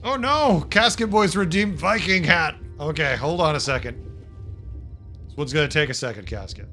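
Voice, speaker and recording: Chatty boston guy streaming, kinda high voice, game music low in the back. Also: moderate pace, bright, forceful tone. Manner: chatty, talks to chat viewers. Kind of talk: casual livestream chat.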